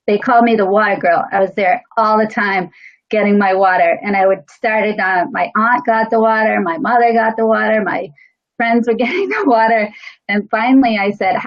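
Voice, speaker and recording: A woman's voice: medium pitch, normal speed. A woman host telling her own story in a casual, earnest way, with many fillers, before introducing a guest. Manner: earnest, with frequent fillers and light laughs. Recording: dull lo-fi sound.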